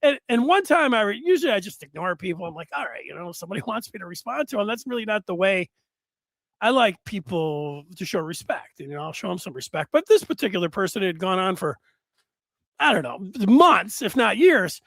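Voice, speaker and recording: A man hosting a solo sports talk show, rambling and animated with many fillers and restarts. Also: high-pitched, normal speed, no room sound, clean studio sound.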